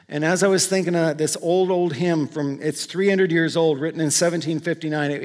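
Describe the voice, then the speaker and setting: A pastor preaching an earnest sermon to a congregation in a large church, then leading them in quiet prayer. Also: male voice, a little high. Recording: hall reverb.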